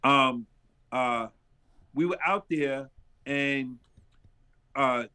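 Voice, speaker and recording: A man, a pastor and street minister, telling stories in an interview in a lively, animated way. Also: extremely slow, clean tone. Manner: lively storyteller who acts out dialogue with big jumps in pitch.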